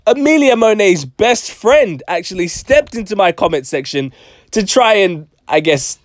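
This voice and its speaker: A man talking straight to camera in a loose, sarcastic commentary vlog, heavy on slang. His voice sits a little high and swings widely up and down. It is recorded close and dry, with no room sound. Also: big pitch swings, measured pace, no echo. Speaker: YouTube commentator.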